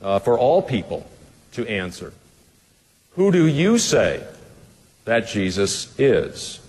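A man's voice: mid-range voice, very animated, slow pace, a little mellow, big-room sound. A man as pastor teaching a Bible passage in a conversational sermon, putting rhetorical questions to the listeners in a casual way with fillers.

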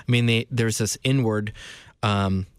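A man's voice: fairly low pitch, fairly even intonation, unhurried, clear, resonant tone, no room sound, clean studio sound. A man co-hosting a casual Bible discussion, reflecting thoughtfully with frequent fillers. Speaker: Bible study co-host.

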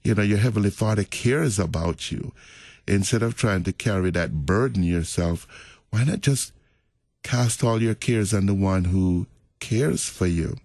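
A middle-aged man, a pastor, talking about faith in a relaxed, reflective, storytelling way. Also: lowish voice, measured pace, dry recording, studio quality. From Jamaica. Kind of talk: casual faith conversation.

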